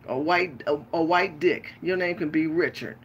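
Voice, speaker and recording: A woman's voice: deep voice, normal speed, dull audio, a little hiss or hum. A tired woman hosting a late-night livestream rant, talking bluntly with lots of profanity. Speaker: livestream host and pastor.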